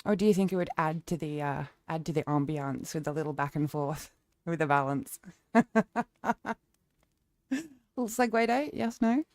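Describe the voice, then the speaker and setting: A woman's voice: sits low, moderate pace, a little mellow, no room sound, clean studio sound. A woman streamer chatting with her audience in a playful, flirty way, cracking crude jokes and laughing often. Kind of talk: casual livestream chat.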